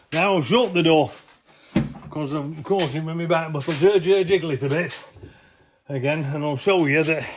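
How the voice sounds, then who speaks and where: Standing by his jacked-up off-roader, a vehicle owner records a casual how-to vlog on the handheld camera he holds himself. His voice is fairly high-pitched, and there's a little hiss or hum. He talks through his work in a meandering, self-correcting way.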